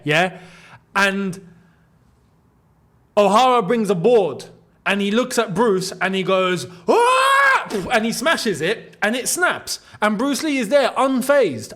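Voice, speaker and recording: A man hosting a casual football commentary video, talking straight to the camera and to the players he mentions. His voice sits high and swings widely, teasing and emphatic. He mixes jokes with blunt advice. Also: normal speed. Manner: animated, jokey, talks straight to viewers and players. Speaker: football channel host.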